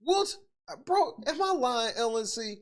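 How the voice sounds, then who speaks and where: A man holds forth on a casual podcast in a loose, profane rant. His pitch swings widely as he talks, rising and dropping with his points, and he breaks into laughter between them. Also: expressive, a little slow. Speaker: podcast host.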